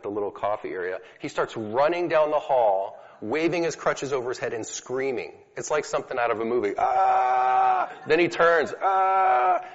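A man speaks to an audience in a casual, story-driven teaching style, full of fillers and asides. His voice sits a little low. The recording is dull and lo-fi, with a long echo from a large hall. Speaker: speaker teaching about healing prayer. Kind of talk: conversational teaching talk to an audience.

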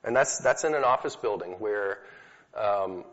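A man's voice: lowish voice, a little slow. A man giving a conversational teaching talk to an audience, telling stories casually with fillers. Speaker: speaker teaching about healing prayer. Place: hall with a live audience. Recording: dull lo-fi recording in an echoey hall.

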